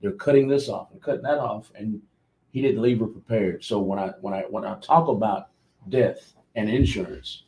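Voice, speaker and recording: A man's voice: fairly low pitch, moderate pace, a little mellow, low-quality recording. A man hosts a local radio show. His talk is folksy and loose, and he repeats phrases as he goes.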